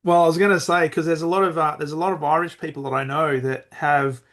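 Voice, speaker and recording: A man hosting a podcast, interviewing a guest in an upbeat, energetic way. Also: a little high, fast. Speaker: podcast host.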